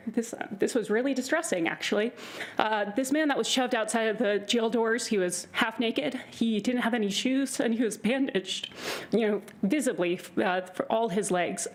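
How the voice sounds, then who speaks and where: Woman, public commenter, nervous and earnest, voice a bit high. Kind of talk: public comment at a board meeting.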